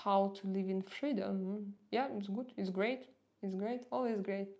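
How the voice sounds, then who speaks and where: A woman's voice: mid-range voice, fairly even intonation, measured pace, background noise. A woman in her thirties from Russia with a strong Russian accent, chatting on a live stream and answering viewer comments with many fillers and restarts.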